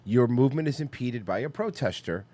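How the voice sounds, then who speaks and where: A man co-hosting a podcast with sarcastic, quick-witted comedic banter. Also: mid-range voice, expressive, dark tone, no room sound. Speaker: podcast co-host.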